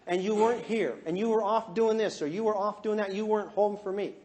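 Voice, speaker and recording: A man quoting his quiet, hurt wife in a lower, softer voice during a seminar story. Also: steady tone, a little fast, natural voice. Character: quiet, hurt wife, soft-spoken woman.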